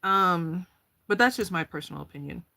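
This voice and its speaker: A woman's voice: lowish voice, animated, moderate pace, gravelly, sharp tone. A woman giving a casual tarot card reading, chatty and slangy, going off on tangents. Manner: chatty, slangy, laughs easily and goes off on tangents.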